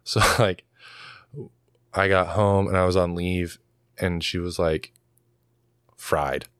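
A young man telling stories in casual chat, animated, with lots of fillers and swearing. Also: deep voice, unhurried, smooth, no room sound, studio quality.

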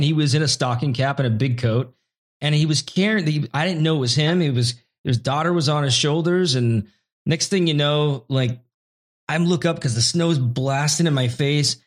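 Actor guy swapping stories, casual and chatty. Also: medium pitch. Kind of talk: casual chat.

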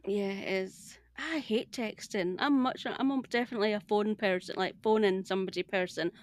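Joining a podcast remotely with her camera off, this Scottish guest speaks at a normal speed in a mid-range voice, and there's no room sound. Her casual chat is animated storytelling, full of laughter and impressions of what others said.

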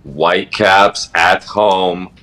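A man's voice: low-pitched, very slow, bright, forceful tone. A man co-hosting a betting podcast, giving his picks in a laid-back way. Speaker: podcast co-host. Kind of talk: casual chat.

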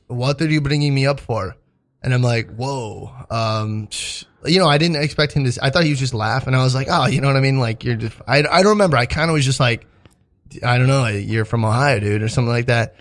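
A man's voice: medium pitch, fast talker. A young man, a stand-up comic, telling a rambling, profanity-laden story in casual podcast chat, full of fillers and restarts. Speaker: stand-up comedian and podcast host.

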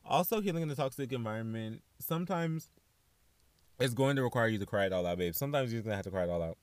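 A young man talks in a casual solo podcast, chatty and sassy, his voice swinging up into animated asides. His voice sits at an ordinary middle pitch. He is recorded close and dry, with no room sound. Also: fast, clean tone, no echo. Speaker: podcast host.

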